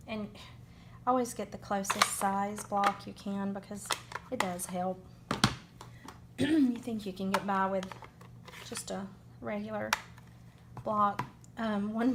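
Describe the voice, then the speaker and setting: A woman's voice: mid-range voice, slight background noise. A woman with a Southern US accent giving an unscripted card-making demo, chatty and rambling as she thinks aloud.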